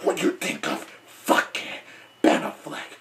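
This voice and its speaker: A man doing a mock-gruff superhero vigilante in a deep, gravelly, whispery growl. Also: takes it slowly, fairly bright tone, roomy sound, distant mic.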